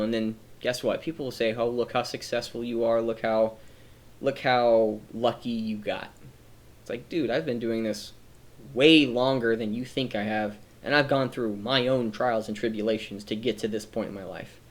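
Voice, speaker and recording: Emotional and close to tears, a man streams an earnest, rambling personal reflection, repeatedly restarting and correcting his sentences. His voice is medium-pitched and brisk.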